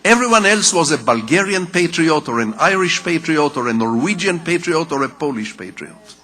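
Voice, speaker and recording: An older Israeli man with a Hebrew mother tongue, giving a public lecture in measured storytelling with rhetorical repetition. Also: fairly high pitch, lively intonation, bright, forceful tone, long reverb tail. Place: large lecture hall.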